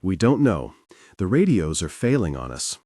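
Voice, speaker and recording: A man's voice: low voice, big pitch swings, moderate pace, mellow, breathy edge, no echo, studio quality, full character voice. A man voicing a terse, grim military colonel in an audiobook.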